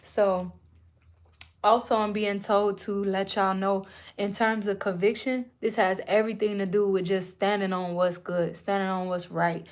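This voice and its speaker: A young woman giving a live channeled spiritual reading to her viewers, speaking in a casual, slangy, animated way. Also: medium pitch, a little slow. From Puerto Rican and Native American roots. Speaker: spiritual reader. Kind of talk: live-streamed channeled message.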